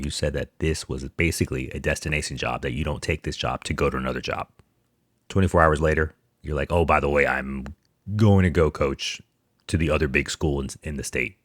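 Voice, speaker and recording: A man's voice: rumbling low, dry recording, studio quality. A man hosting a podcast, ranting about sports news with sarcastic disbelief. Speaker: podcast host. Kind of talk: casual sports commentary monologue.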